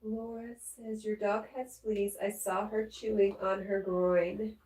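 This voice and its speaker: A woman's voice: medium pitch, level tone, takes it slowly, mellow. A woman hosting a casual early-morning livestream at home, reading viewer comments aloud and cooing in baby talk to her dog. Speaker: livestream host. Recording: roomy sound, mic far off.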